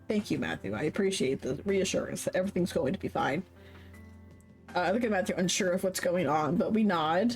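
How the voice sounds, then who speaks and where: A woman streaming a story game live, reading its text aloud and chatting in an animated, giggly way, swearing casually. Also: fairly low pitch, brisk, faint music behind.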